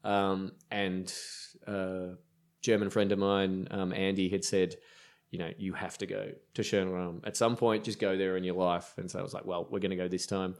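Deep-voiced with little pitch movement, this Australian brewer speaks at a moderate pace as a podcast guest. In casual conversation he spins rambling anecdotes, heavy with fillers, ums, and restarts.

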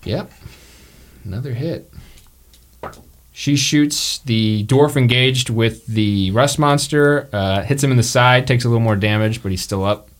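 A man's voice: mid-range voice, a little slow. A man narrating a tabletop game as game master, joking and full of fillers.

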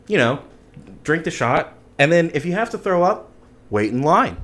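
A man co-hosting a podcast, dropping deadpan jokes in casual chat. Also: a little high, moderate pace. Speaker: podcast co-host.

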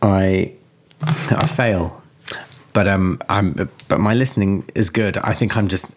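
A man's voice: deep voice, slow pace. A man playing a character in a tabletop horror game, stammering and repeating words as he thinks aloud. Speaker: player.

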